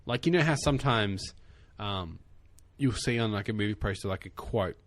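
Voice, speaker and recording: A man co-hosting a podcast in casual chat, explaining things in a relaxed way. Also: on the low side, moderate pace, dry recording. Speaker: podcast co-host.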